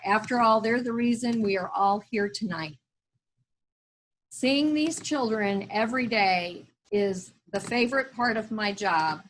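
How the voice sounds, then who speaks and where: A woman hosting a fundraiser over a video call, reading a measured welcome and introducing the next act. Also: mid-range voice, slight background noise, poor audio. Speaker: event host. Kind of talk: scripted event introduction.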